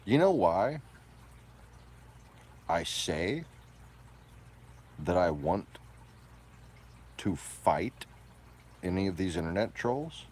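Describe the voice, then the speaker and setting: A man delivering a profane, combative ranting monologue, moving between low mutters and loud outbursts. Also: very animated, drawn-out words, long pauses, breathy edge.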